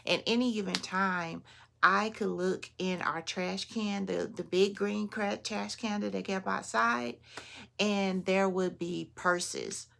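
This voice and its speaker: Gravelly, bright-voiced woman telling a story. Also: medium pitch, slow, a little hiss or hum. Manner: animated storytelling, laughs often, talks straight to viewers. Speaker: vlogger. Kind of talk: casual storytime vlog.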